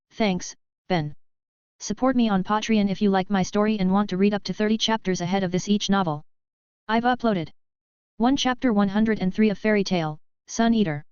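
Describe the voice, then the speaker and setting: Smooth-voiced woman reading a fanfic novel. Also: mid-range voice, darkish tone, no echo. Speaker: audiobook narrator. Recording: dull, lo-fi, dry sound.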